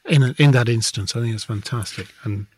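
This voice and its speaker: Man, husky voice, upbeat co-host, encouraging, casual chat. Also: mid-range voice, fairly quick.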